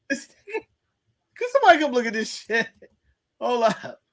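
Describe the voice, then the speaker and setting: A man with a high voice who talks slowly and laughs through his words as he mocks someone. His teasing, drawn-out lines keep breaking into laughter. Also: very animated, fairly bright tone.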